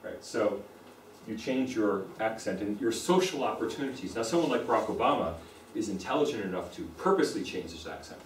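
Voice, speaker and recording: A man's voice: fairly low pitch, lively intonation, fairly quick, recorded from a distance, a little hiss or hum. A man with a plain American accent gives a university lecture, explaining his points and repeating them for emphasis. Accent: General American. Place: lecture room. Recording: roomy echo, speaker away from the mic.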